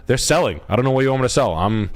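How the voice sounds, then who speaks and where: A man hosting a live stream, rambling in crude, joking talk that comes out in quick bursts. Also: mid-range voice, expressive. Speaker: livestream host, realtor.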